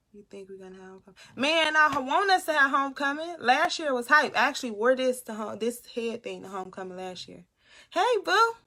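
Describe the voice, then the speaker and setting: A bright-voiced young woman talks casually to her viewers in a live stream from her room at home. She chats easily and answers their comments as she goes, into a phone or webcam. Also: a little high. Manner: chatty, reads and answers comments aloud. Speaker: motivational livestream host.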